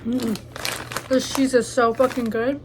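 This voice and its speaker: High, slow-talking young woman vlogger. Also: little pitch movement, background noise. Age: young adult. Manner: crude, joking and chatty, talks while eating. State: stuffy nose from allergies. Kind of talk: casual mukbang chat.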